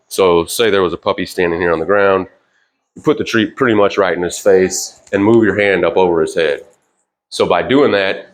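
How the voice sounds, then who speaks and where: A man teaching dog training in a relaxed, rambling way with many fillers, giving short sharp commands to a dog. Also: deep voice. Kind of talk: casual instructional talk. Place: indoors with a dog.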